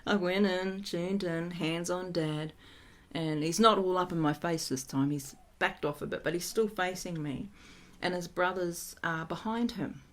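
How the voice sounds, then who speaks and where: A woman's voice: on the low side, measured pace. A woman who works as an energy healer, telling a personal story in a casual, frank way and laughing often.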